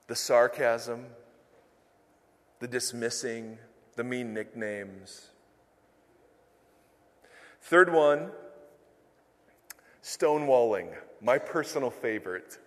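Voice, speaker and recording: Animated pastor preaching in a reverberant hall. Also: male voice, mid-range voice, takes it slowly, pauses often. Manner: animated, self-deprecating storytelling with acted quotes. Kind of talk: sermon.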